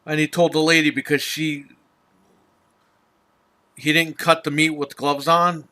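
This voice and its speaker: A man's voice: a little high, level tone, measured pace, sharp tone. A man hosting a casual podcast, telling an exasperated, profanity-laced story in a ranting chat. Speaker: podcast host.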